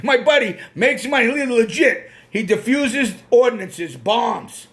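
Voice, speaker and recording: A man's voice: very high voice, expressive, takes it slowly, fairly bright tone. A man from Massachusetts with a Boston accent, hosting a casual live stream. He rambles bluntly, swears freely and greets viewers by name.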